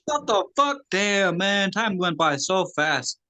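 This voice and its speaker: A man from Canada with a bright, forceful voice, talking loosely about music. He swears often and laughs easily, his pitch sitting a little high for a man. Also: big pitch swings, slow pace. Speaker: rapper. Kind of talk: casual chat.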